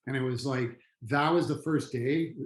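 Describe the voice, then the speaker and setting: Speaking with a medium-pitched voice, a middle-aged man shares a personal story in a halting, sincere manner, frequently starting over. He is a retired firefighter turned trauma and resilience trainer, and the rough recording has a roomy sound.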